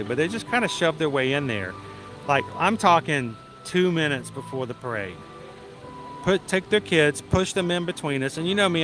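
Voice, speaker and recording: A middle-aged man telling a story casually on a theme park livestream, chatty and self-deprecating, laughing often. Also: fairly high pitch. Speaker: livestream vlogger. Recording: music playing loudly behind.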